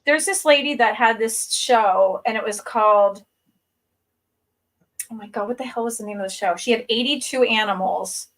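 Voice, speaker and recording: A woman hosting a casual chat, laughing often and telling stories in a lively way. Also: fairly high pitch, moderate pace, low-quality recording. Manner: chatty, laughs a lot, lively storytelling. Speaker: host.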